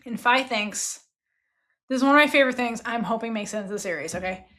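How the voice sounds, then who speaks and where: A woman hosting a casual book review podcast, chatty and expressive, swearing freely as she talks. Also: a little high, quick pace. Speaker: book club podcast host.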